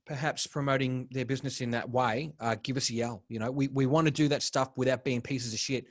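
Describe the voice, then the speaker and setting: A man's voice: mid-range voice, fairly even intonation, brisk, no echo. A young man co-hosting a podcast in casual chat, rambling and laid-back, swearing freely. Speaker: podcast co-host.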